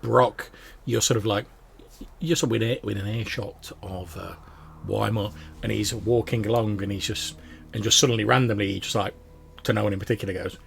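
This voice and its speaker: Man, game master, casual tabletop narration, low voice, gravelly. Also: steady tone, brisk, a little hiss or hum. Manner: casual, rambling with fillers.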